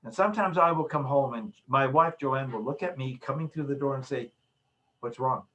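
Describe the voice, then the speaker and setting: A man's voice: medium pitch, fairly quick, sharp tone. A man lecturing in a recorded video session, emphatic, repeating his key phrases and acting out small examples. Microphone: video call.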